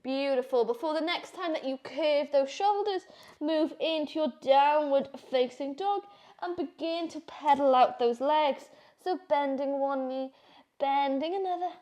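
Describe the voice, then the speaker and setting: A woman's voice: high-pitched, mellow. A woman leading a power yoga class, calling out breaths and poses with encouraging cues while out of breath from doing the flow herself. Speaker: yoga instructor. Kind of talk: guided yoga class instruction.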